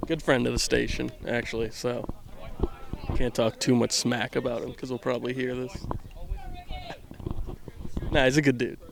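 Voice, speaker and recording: A man calling a baseball game outdoors on a handheld microphone, rambling and self-deprecating, often dropping to a hush. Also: medium pitch, level tone, moderate pace, vocal fry, long pauses, background noise. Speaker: play-by-play commentator. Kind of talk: casual joking sports commentary. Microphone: handheld microphone with earbuds.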